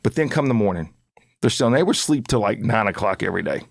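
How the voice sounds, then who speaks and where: A middle-aged man co-hosting a podcast, telling a story in a lively way and acting out the voices in it. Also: lowish voice, fast, gravelly, dry recording, studio quality. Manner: animated storyteller, acts out shouts and quotes. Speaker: podcast co-host. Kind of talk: casual chat.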